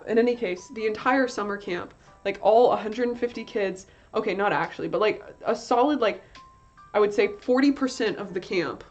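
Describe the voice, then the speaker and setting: A woman's voice: mid-range voice, darkish tone. Rambling young woman streamer, giggly. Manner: rambling, giggly, swears casually, reads chat aloud. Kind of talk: casual chat while working. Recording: slightly dull lo-fi stream audio with faint music. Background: faint music.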